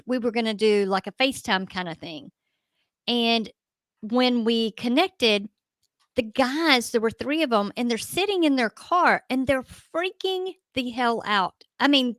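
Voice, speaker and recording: A middle-aged woman, a ghost hunter guest telling an emphatic, animated story in a radio interview. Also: fairly high pitch, no echo.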